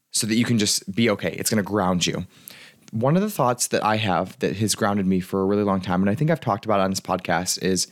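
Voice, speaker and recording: A man in his twenties hosting a podcast as a life coach, talking earnestly in a rambling way with many fillers and restarts. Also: on the low side. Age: 20s. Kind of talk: casual podcast monologue.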